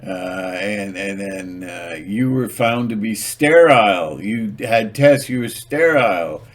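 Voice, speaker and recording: Slow, rambling male storyteller. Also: fairly low pitch, expressive. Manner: rambling and hesitant, acting out little skits in different voices. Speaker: channel host. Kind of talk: casual storytelling monologue.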